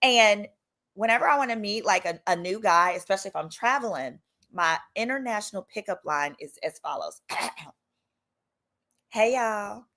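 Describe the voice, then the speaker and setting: A woman's voice: mid-range voice, animated, a little fast, bright, forceful tone. A woman with a Southern US accent, an attorney hosting a livestream, chatting casually and telling a story with quoted voices, bothered by a cough. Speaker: attorney and channel host.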